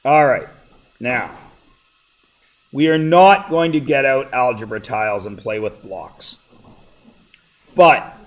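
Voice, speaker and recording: A man teaching a high school math class in a classroom, relaxed and jokey, often checking that his students are following. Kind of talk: classroom lecture. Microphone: plugged-in classroom mic.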